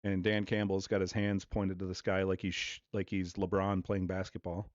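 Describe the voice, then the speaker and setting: A man's voice: low-pitched, little pitch movement, normal speed, no room sound. A man livestreaming from home, chatting loosely and crudely while giving offhand play-by-play of a game on TV. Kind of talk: casual livestream chat. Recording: dull lo-fi dry sound.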